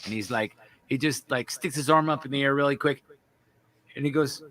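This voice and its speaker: A man co-hosting a podcast at a restaurant party, telling animated stories and swearing freely. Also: mid-range voice, brisk. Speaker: podcast co-host. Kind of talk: casual chat.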